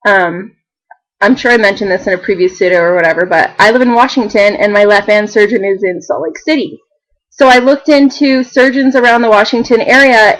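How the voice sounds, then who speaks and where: A young woman vlogging in a chatty, animated way, full of fillers and laughter. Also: mid-range voice, low-quality recording. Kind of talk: casual chat to camera.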